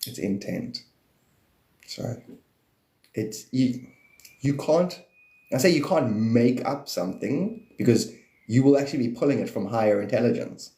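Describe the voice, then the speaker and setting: A man's voice: medium pitch, expressive, measured pace, pauses often, warm tone. Man rambling about spirituality in a roomy echo. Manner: meandering, free-associating, laughs often, slips into silly voices. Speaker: live stream host. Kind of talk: rambling spiritual live-stream chat.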